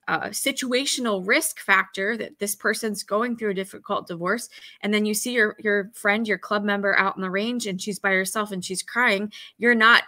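A woman's voice: medium pitch, pushed and bright, no echo. A woman talking earnestly in a casual podcast conversation, acting out quoted dialogue as she talks about suicide prevention training.

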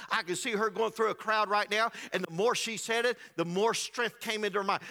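A man preaching a sermon as pastor, telling a scripture story in an animated way, acting out its people and building to loud, rising passages. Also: sits high, a little fast, hardly any pauses. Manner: acts out the voices of the people in the story.

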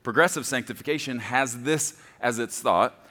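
A man's voice: medium pitch, normal speed, pushed and bright, big-room sound. A man in his forties preaching a sermon as a pastor, telling stories with laughter and self-deprecating humor. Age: 40s.

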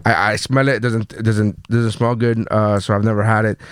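A man's voice: lowish voice, flat delivery, a little fast, clean tone, no echo. A man in casual podcast chat, rambling with many fillers and restarts and swearing freely. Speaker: podcast co-host, comedian.

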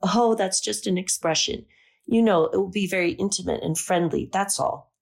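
A woman reading the part of a kind, tactful older woman who speaks in a gentle, coaxing way. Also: mid-range voice, moderate pace, creaky.

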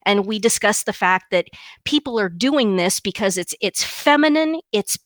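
A woman's voice: medium pitch, moderate pace, no echo. A woman co-hosting a podcast, ranting indignantly and emphatically, often restarting and repeating words. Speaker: podcast co-host. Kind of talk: opinionated podcast rant.

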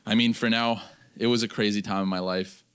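Young man, low smooth voice, casual animated storyteller. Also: fairly quick. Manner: animated, acts out quotes in a higher voice. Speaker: podcast guest telling a story.

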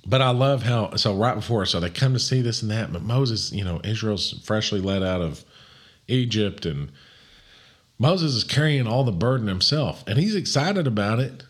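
Deep-voiced pastor, animated. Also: male voice, moderate pace. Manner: animated, rises in pitch when excited. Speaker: pastor and podcast co-host. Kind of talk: casual faith chat.

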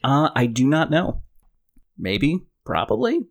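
A man hosting a casual movie podcast, sharing trivia in a relaxed, joking way. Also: medium pitch, takes it slowly. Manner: relaxed, shares trivia, jokes around. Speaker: podcast host.

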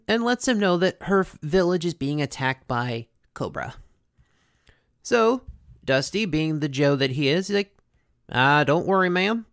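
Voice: medium pitch, no echo, clean studio sound. A host casually recapping a cartoon episode, chatty, with many fillers and asides.

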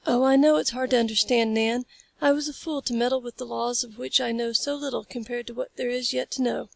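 A composed male scientist from an old adventure story lays out his reasoning step by step, as a woman reads him aloud. The voice sits a little high with a gravelly edge. It sounds close and dry. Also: fairly even intonation, dry recording. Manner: measured, explanatory. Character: calm, learned adult male scientist.

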